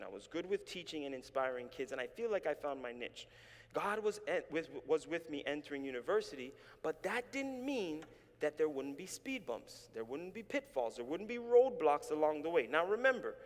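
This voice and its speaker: Man preaching a sermon, slightly high-pitched, animated and engaging the crowd, recorded in a reverberant church. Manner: animated storytelling, calls on the congregation to respond. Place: church sanctuary.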